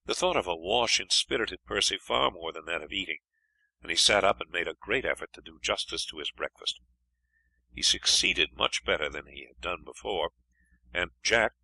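Low, gravelly male audiobook narrator. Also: no echo, low-quality recording. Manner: steady storytelling reading. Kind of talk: scripted narration.

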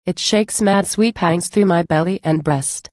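A woman recites poetry in a measured, declamatory way. Her voice sits a little low and sounds mellow and dark, and the recording is close and dry with no room sound. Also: no echo. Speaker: reader.

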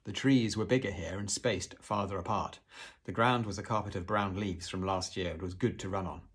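A man reading a storybook aloud to children in a low, very husky voice. His narration is hushed and suspenseful, and he drops into easy asides to show pictures. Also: fairly even intonation, moderate pace.

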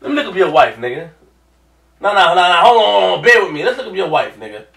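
A man rants through a live manga reaction with profanity, dropping into mumbled recaps and bursting into yells. His voice sits a bit high and sounds sharp and tense. He is recorded from a distance in a roomy, echoey space. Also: very animated, fast talker, creaky. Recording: echoey room, far from mic.

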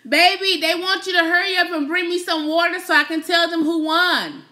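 A woman's voice: very high voice, fairly even intonation, normal speed, bright, forceful tone. A woman hosting a casual live stream, chatting playfully with her viewers, teasing them and laughing often.

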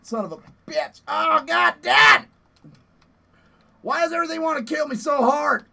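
A man streaming a horror game, yelling and playfully cursing at enemies, out of breath after push-ups. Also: very high-pitched, a little slow, vocal fry. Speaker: gaming streamer. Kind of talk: live gameplay commentary.

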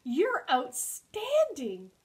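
Woman voicing a sweet, clear storybook hedgehog girl, high and bright. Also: big pitch swings, takes it slowly, exaggerated voice. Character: sweet-voiced young female hedgehog.

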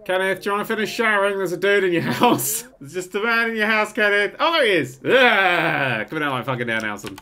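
A man hosting a gaming channel, commentating on a game in an excitable way, often swearing and breaking into laughter. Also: high voice, fairly quick, few pauses.

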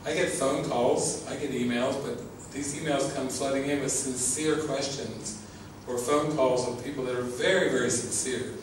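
A man's voice: medium pitch, steady tone, normal speed, hardly any pauses. A man giving an informal spiritual talk as a teacher, earnest and often laughing, repeating his words. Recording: echoey, distant mic with background noise.

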